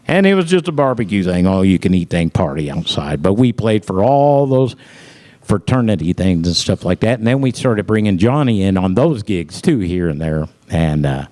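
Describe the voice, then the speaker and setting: A man's voice: sits low, very animated, normal speed, a little mellow. A middle-aged man telling stories about his music career in casual talk, acting out other people's lines in raised voices and laughing often. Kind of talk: casual storytelling.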